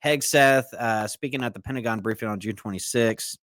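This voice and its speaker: A man's voice: mid-range voice, a little fast, fairly bright tone, no echo. Dry-voiced male political podcast host. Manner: casual, reads news excerpts aloud, breaks into asides.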